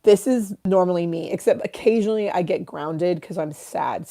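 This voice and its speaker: A woman's voice: fairly low pitch, moderate pace, warm tone. A woman in her thirties hosting a casual livestream, rambling, swearing freely and reading out chat comments. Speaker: livestream host.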